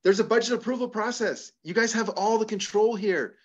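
A man's voice: high-pitched, brisk, highs cut off. A middle-aged man hosting a casual advice talk, answering a caller's questions and telling stories with frequent laughs. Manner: animated, storytelling with laughs. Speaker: host answering member questions.

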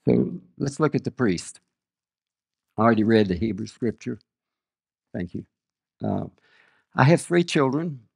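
Gravelly older man preaching slowly. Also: mid-range voice, animated, a little mellow. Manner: earnest, reads scripture aloud and tells family stories. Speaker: guest preacher. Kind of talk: sermon with personal storytelling.

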